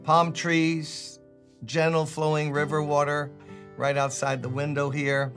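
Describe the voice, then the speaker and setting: A man's voice: medium pitch, fairly even intonation, a little slow, long pauses, over music. An older man with a New York accent, a pastor giving a chatty, emphatic Bible teaching with jokes along the way. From Brooklyn, New York.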